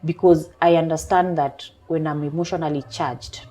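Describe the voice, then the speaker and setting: A woman coach on a talk show, calmly explaining her point through everyday examples. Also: sits low. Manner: calm, measured explaining with examples. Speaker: emotional intelligence coach.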